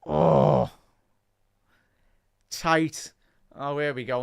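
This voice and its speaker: Excitable man commentating live. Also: mid-range voice, takes it slowly, gravelly, long pauses, clean tone, no room sound, clean studio sound. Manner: excitable, chatty fan commentary, talks to the chat. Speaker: host of a live football watch-along. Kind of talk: live match commentary and chat with viewers.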